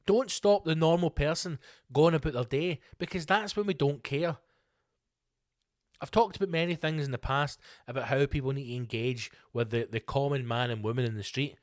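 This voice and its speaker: A man's voice: medium pitch, normal speed, no room sound, clean studio sound. A man with a Scottish accent, hosting a solo podcast, ranting with lots of swearing and comic put-on voices. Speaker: podcast host.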